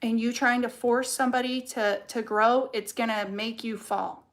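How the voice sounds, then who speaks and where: A woman's voice: fairly high pitch, level tone, moderate pace, background noise. A young adult woman giving a casual tarot card reading, blunt and fired up, swearing heavily as she talks.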